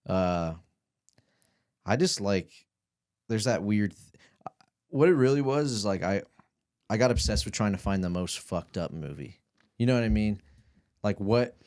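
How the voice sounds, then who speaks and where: A man's voice: lowish voice, darkish tone. A young man in casual podcast chat, rambling and swearing with lots of fillers. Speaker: podcast guest.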